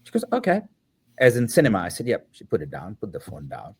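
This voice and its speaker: Very animated and quick, his low-pitched voice carries a breathy edge. The man, a filmmaker guest in his fifties, relates a personal anecdote reflectively, acting out the dialogue along the way with an occasional filler word.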